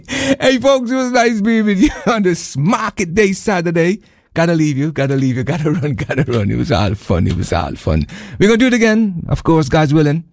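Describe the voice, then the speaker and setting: A man with a Montserratian accent hosting a radio show, chatting and reminiscing casually, animated, with whoops and laughs. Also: fairly high pitch, normal speed, no echo. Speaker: radio host. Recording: loud music playing under the voice. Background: loud reggae and calypso music.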